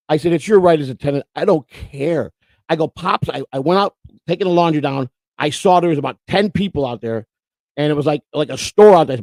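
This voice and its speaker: A man's voice: a little high, animated, fast, darkish tone, dry recording. A man from Florida co-hosting a casual livestream, telling long rambling stories and swearing freely. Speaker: co-host.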